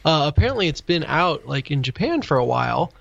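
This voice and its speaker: A man's voice: a little high, big pitch swings, brisk, gravelly, no room sound. Rambling man on a muffled podcast mic. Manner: rambling, explanatory, many fillers. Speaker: podcast co-host. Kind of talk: casual tech podcast chat.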